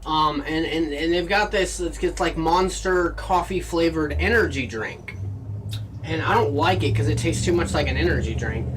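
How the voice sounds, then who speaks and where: A man's voice: on the high side, a bit bright, recorded from a distance, a little hiss or hum. A man working a gas station shift, talking to himself in a weary, rambling video diary, feeling run down. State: tired and run down.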